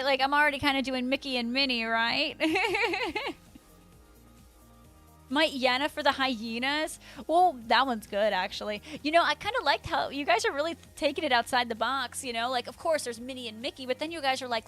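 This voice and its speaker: A young woman is live streaming, chatting in a bubbly, casual way while reading her viewers' messages aloud. Her voice is high-pitched and fairly bright, her pace is normal, and soft music plays in the background.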